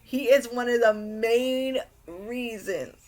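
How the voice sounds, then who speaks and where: A woman's voice: a little high, takes it slowly, a little mellow. A young woman giving a casual anime recap, rambling and exasperated, with frequent restarts. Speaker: anime reviewer.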